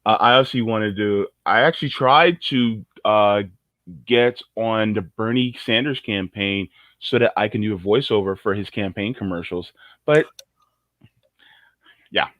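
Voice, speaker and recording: A man's voice: fairly low pitch, measured pace, dry recording. A man co-hosting a casual livestream chat, rambling and jokey with many restarts. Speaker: co-host. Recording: muffled lo-fi audio.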